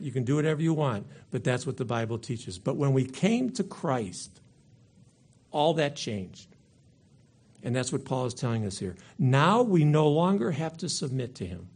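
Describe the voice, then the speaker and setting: A man's voice: mid-range voice, darkish tone. A man preaching a sermon, reading scripture aloud and then stressing his points emphatically, repeating them for weight.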